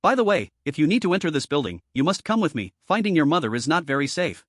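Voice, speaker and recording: A man narrating in his own voice as a composed male leader giving brisk instructions. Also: on the high side, sing-song, no room sound, studio quality.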